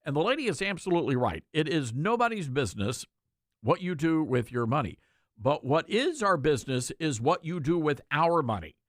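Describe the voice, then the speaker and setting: A man's voice: fairly high pitch, animated, fairly quick, no echo, clean studio sound. A man hosting a talk radio show, speaking in an emphatic, folksy way.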